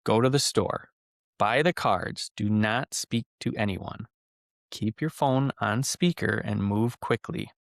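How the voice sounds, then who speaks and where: Guy doing a cold bossy scam caller voice, snaps orders, gravelly, dry. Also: lowish voice, slow pace, no echo. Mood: barking. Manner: cold, commanding, barks orders. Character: stern male scam caller posing as tax agent.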